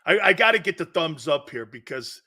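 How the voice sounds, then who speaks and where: A man hosting a sports talk show, rambling loudly, laughing at his own jokes and calling out to an off-mic producer. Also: fairly high pitch, lively intonation, normal speed.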